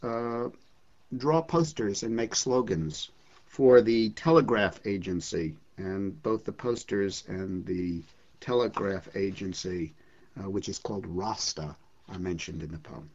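A literature lecturer explaining and then reading a poem aloud, deliberate and measured with occasional hesitations, on a dull lo-fi recording. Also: sits low, darkish tone.

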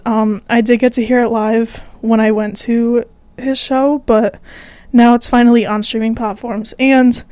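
A woman's voice: fairly high pitch, warm tone, clean tone, dry recording. A young woman hosting a college radio show, chatting casually with a few fillers from a studio mic, a little out of breath. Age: young adult.

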